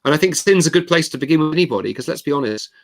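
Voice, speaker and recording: Fast-talking, animated male guest. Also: fairly high pitch. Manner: animated, acts out quoted voices; emphatic, expressive. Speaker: guest author. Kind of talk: conversational storytelling.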